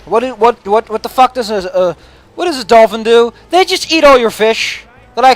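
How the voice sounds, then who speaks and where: A man's voice: very high voice, fairly quick, dry recording, faint music behind. A man giving casual gameplay commentary, launching into a mock-angry, swear-heavy rant and then sheepishly apologizing. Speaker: let's play commentator.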